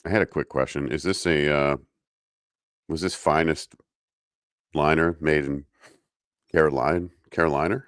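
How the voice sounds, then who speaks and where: A man co-hosting a podcast, making deadpan jokes and riffing in mock voices during a casual recap. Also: extremely low pitch, measured pace, long pauses, dry recording, clean studio sound. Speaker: podcast co-host.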